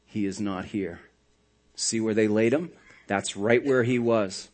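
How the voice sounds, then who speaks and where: A man preaching a sermon as a pastor, telling the story dramatically, swinging between hushed and loud lines with sarcastic asides. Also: fairly low pitch, a little slow.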